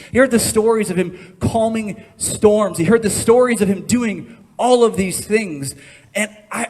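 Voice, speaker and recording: A man's voice: high voice, husky. A man preaching a sermon as pastor, telling a story and acting out the voices in it with rising intensity.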